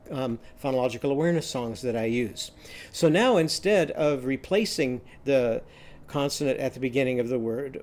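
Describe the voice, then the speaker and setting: A man's voice: medium pitch, darkish tone. A man demonstrating a reading lesson, with an upbeat, sing-song teaching manner, sounding out letters and cheering.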